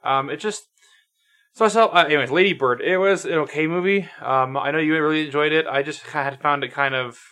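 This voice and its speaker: A man co-hosting a podcast, chatting casually about movies and often pausing to find his words. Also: on the high side, bright, forceful tone. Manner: hesitant, lots of fillers and restarts while searching for words. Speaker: podcast co-host. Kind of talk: casual movie review chat.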